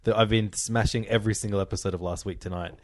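A man's voice: lowish voice, fast, dry recording. A man co-hosting a casual podcast, rambling through stories and acting out quoted people. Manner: rambling, animated storytelling with quoted voices. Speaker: podcast co-host.

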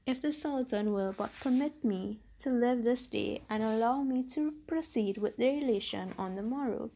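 A woman reading the part of a clever young woman storyteller, calm and composed. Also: a little high, moderate pace, rough recording.

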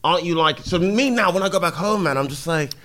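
A man's voice: fairly high pitch, fast, a bit bright. A man from the English Midlands with an English accent, chatting animatedly on a podcast and laughing often. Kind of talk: casual podcast chat.

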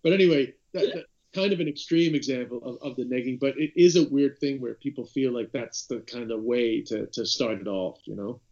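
Irish male podcast co-host, lively anecdotal storyteller, mid pitch, slightly muffled call sound. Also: brisk, hardly any pauses. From Ireland. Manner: animated storyteller, frequent restarts. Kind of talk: casual chat over a call. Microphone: video call.

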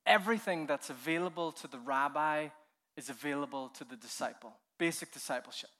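A man preaching a keynote sermon, telling the story with animated energy, laughing often, sometimes dropping to a hush and then building up with fervor. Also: fairly high pitch, brisk. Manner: laughs often while speaking. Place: conference hall.

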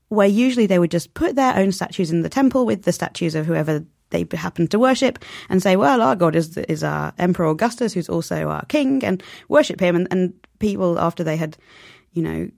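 A woman's voice: fairly low pitch, moderate pace, gravelly, hardly any pauses, a little mellow, no room sound, clean studio sound. A woman, a novelist, talking animatedly as an interview guest and acting out quoted voices. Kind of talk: conversational interview.

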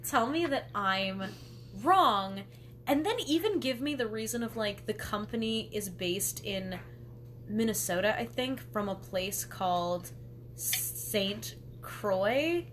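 A woman's voice: mid-range voice, animated, takes it slowly, fairly bright tone, slight background noise. A young woman chatting casually as a podcast co-host, ranting emphatically about pronunciation and laughing often. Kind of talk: casual chat.

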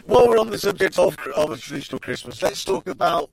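A male podcast host chatting casually, his voice squeaky and robotic from a glitchy auto-tune distortion. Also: lively intonation, fast, gravelly, a crowd in the background. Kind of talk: casual comic chat.

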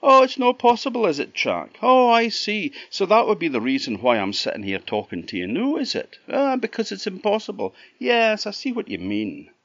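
A man's voice: mid-range voice, huge pitch swings, unhurried, no echo, lo-fi sound, voice pushed up, full character voice. A man with an Orkney Scottish accent voicing a small, sarcastic male robin in a storybook tale, with a chirpy, teasing manner.

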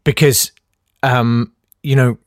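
A man's voice: medium pitch, flat delivery, takes it slowly, dry recording. Young male storyteller, rambling and self-interrupting, dry close sound. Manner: rambling, self-interrupting, laughs at own stories. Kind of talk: anecdotal storytelling.

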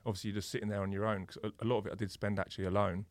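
A man's voice: lowish voice, racing, no room sound. A young man, a podcast guest telling stories in casual chat, swearing freely and acting out the people in them. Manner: animated storyteller, swears freely, acts out the people in his stories.

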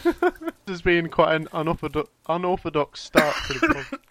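A man's voice: fairly high pitch, sing-song, unhurried, fairly bright tone. A man co-hosting a podcast, chatting casually with punning, teasing banter. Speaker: podcast co-host. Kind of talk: casual chat.

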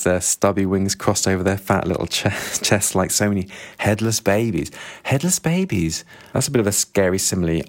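Low-voiced man hosting a book podcast. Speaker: book club podcast host. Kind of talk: reading a novel aloud and chatting about it.

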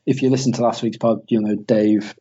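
A man's voice: on the low side, level tone, fairly quick, dark tone, husky. A tired man co-hosting a podcast, telling stories casually with frequent laughs. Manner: laughing, storytelling, self-deprecating. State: tired from lack of sleep. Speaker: podcast co-host. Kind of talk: casual chat. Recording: dull lo-fi sound.

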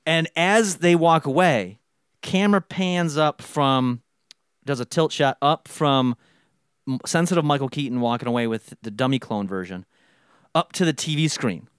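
Rambling young man, smooth dry voice. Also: on the high side, normal speed, no room sound. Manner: rambling storyteller, acts out quotes. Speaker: podcast co-host pitching a movie idea. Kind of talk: casual chat.

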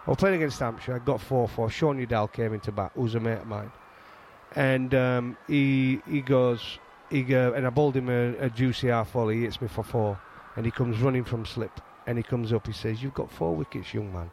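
Slight background noise sits under this middle-aged man's mid-range voice, which moves at normal speed. A former fast bowler from England with a Yorkshire accent, he guests on a casual chat, telling animated stories and frequently starting over mid-thought.

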